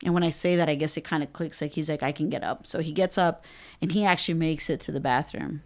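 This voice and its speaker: Low-voiced young woman podcast co-host. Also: steady tone, fast. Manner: laid-back, laughs often, quotes others. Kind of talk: casual storytelling chat.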